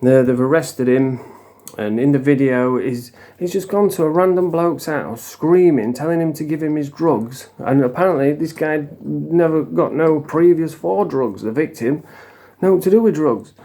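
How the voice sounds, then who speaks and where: British man, casual vlog monologue, rambling, swears a lot, mellow dark tone. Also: a little high, normal speed. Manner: rambling, heated and profane. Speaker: vlogger in addiction recovery.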